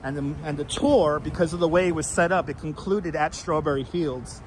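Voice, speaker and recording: A guy doing a walking livestream talks to viewers in a chatty, rambly way, his slightly high voice at normal speed. Loud wind and traffic sit behind him on windy city streets, picked up by his wireless clip-on mic.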